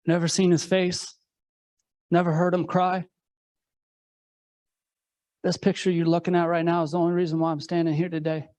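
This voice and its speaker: Speaking to a live crowd, a male motivational speaker recounts his own story earnestly and builds momentum through repeated rhetorical questions. His fairly high voice is completely flat and a little mellow, at normal speed with frequent pauses and no echo.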